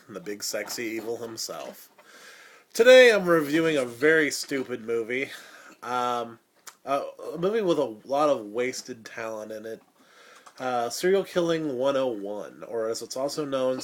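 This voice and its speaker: A man's voice: medium pitch, lively intonation, unhurried. A man in his thirties hosting a casual horror movie review, crude and sarcastic, rambling with lots of fillers. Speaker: host.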